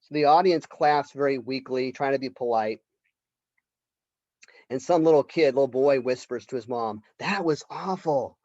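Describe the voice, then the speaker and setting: Male literature professor, chatty lecture, mid-pitched voice, dry and dull-sounding recording. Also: normal speed, pauses often, dark tone, no echo. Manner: conversational storytelling, retelling the plot. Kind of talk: college lecture.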